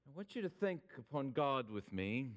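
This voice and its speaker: A man preaching a sermon, speaking emphatically and slowing down when he quotes scripture. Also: mid-range voice, big pitch swings, long reverb tail. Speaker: pastor.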